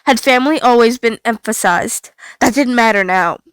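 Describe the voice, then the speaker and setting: A woman narrating a story in a steady, plain reading voice. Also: on the high side, moderate pace, clear, resonant tone, dry recording.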